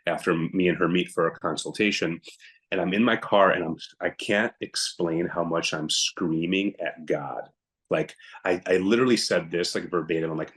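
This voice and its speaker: A man's voice: low voice, moderate pace, a bit bright. A young adult man, a podcast guest, telling an emotional personal story in a blunt, emphatic way and often quoting himself.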